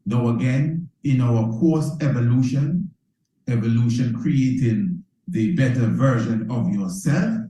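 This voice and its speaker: A man teaching in a preacherly way, leading his listeners through an exercise and circling back to his point again and again. His voice sits at an ordinary middle pitch. The recording has a noticeable roomy echo. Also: mellow. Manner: preacherly, repeats phrases and asks "you understand?". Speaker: priest teaching a self-improvement course. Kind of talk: motivational teaching talk.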